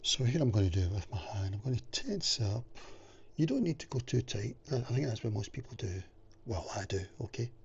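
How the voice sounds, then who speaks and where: A man's voice: medium pitch, big pitch swings, fairly quick, gravelly, a little hiss or hum. A man from the UK giving casual, rambling self-help advice with many fillers and restarts, sometimes dropping into a whisper. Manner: drops into whispers now and then. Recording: dull lo-fi recording.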